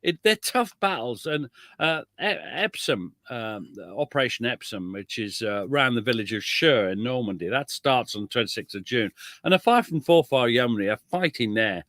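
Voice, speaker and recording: A British man, a guest author and historian, telling history in a lively conversational way with self-deprecating asides. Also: medium pitch, moderate pace, dry recording. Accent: British English. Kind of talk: animated conversational storytelling.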